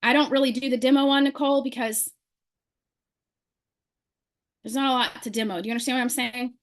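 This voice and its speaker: A woman telling an animated story to a group, acting out the people she quotes. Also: sits high, very fast. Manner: lively, acts out quoted people in her story. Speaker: speaker sharing a testimonial.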